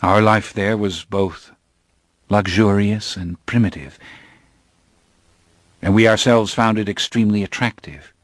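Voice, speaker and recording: A man voicing a calm, brooding centuries-old male vampire, speaking in a measured, grave way. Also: on the low side, dry recording, natural voice. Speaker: narrator.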